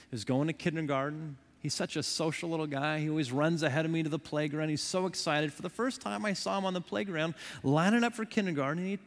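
A man in his thirties preaching a sermon as a pastor, with impassioned delivery that rises loud and falls soft. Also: medium pitch. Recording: long hall reverb.

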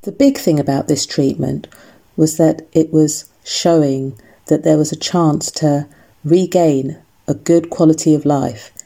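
A woman narrating her own story in a measured, reflective scripted voice-over. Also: deep voice, steady tone, vocal fry, mellow. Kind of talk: scripted first-person narration.

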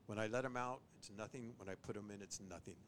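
A man who trains bird dogs, chatting on a podcast and giving tips, who often acts out owners and dogs in a higher voice. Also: fast, slight background noise. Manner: animated, mimics owners and dogs in a high voice. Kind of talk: casual podcast chat.

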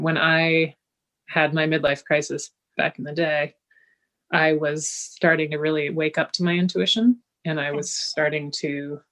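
A middle-aged woman, a healer and guest, telling a personal story in a casual interview and acting out the things people said. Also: low voice. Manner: lively storyteller who acts out quoted speech.

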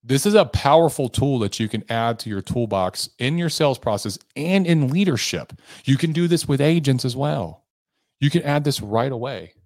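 A man's voice: mid-range voice, expressive, moderate pace, darkish tone, dry recording, studio quality. A man hosting a sales coaching podcast, talking earnestly and with emphasis. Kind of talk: motivational podcast monologue.

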